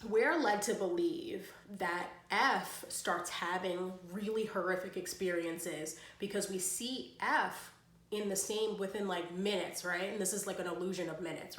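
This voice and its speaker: A woman's voice: mid-range voice, measured pace. Rambling casual woman in a roomy space. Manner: rambling, slangy, filler-heavy. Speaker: book vlogger. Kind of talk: casual story summary. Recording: roomy echo.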